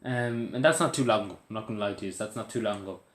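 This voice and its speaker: A man's voice: on the low side, racing, echoey room. A man with an Irish accent talking earnestly to camera in a rambling, casual way, full of fillers and restarts. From Ireland. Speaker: vlogger.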